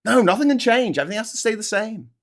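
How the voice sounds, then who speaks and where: A man delivers a heated, sarcastic rant, swearing freely and tripping over restarts. His pitch swings widely as he talks. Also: lively intonation, fast talker. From Liverpool, England. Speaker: vlogger, channel host. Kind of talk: casual ranting monologue.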